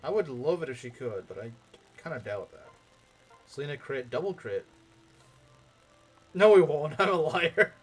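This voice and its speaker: A man's voice: mid-range voice, sing-song, moderate pace, fairly bright tone, breathy edge, soft background music. A young man commenting casually on a strategy game as he plays, rambling, repeating himself and making jokey asides to his chat. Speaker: let's play streamer.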